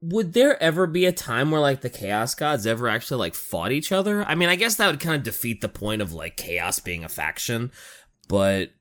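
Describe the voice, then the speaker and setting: A man in casual chat about game lore, animated, laughing often and asking questions. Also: mid-range voice, moderate pace.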